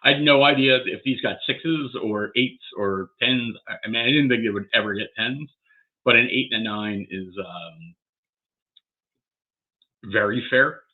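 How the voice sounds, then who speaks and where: Here a man with a mid-range voice takes his time, speaking unhurriedly while he vlogs the opening of graded trading cards. Despite the relaxed pace he's worked up, swearing and talking to himself like an eager collector. The recording has a tinny, phone-like quality.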